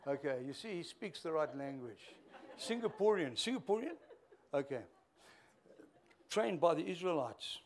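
A man's voice: on the high side, animated, normal speed, long pauses. An older man preaching, telling a rambling, joking story. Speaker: pastor. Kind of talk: sermon storytelling.

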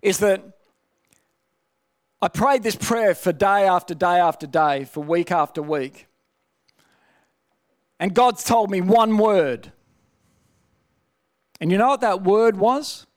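A man preaches in a testimony style, asking his listeners rhetorical questions and restarting his sentences often. His voice sits high for a man. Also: animated, slow, long pauses. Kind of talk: sermon.

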